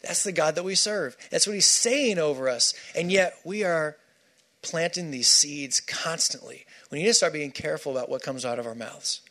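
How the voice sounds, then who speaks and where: A man's voice: fairly high pitch, normal speed, bright, forceful tone. A man preaching a sermon, emphatic and repeating key phrases for stress.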